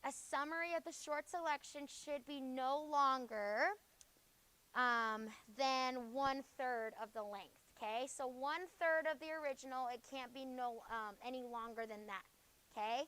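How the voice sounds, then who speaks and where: A woman leads a junior high grammar review in class, rapidly quizzing students and tagging "okay?" onto the end of each point. Her tone is clean and slightly bright, though the recording quality is poor.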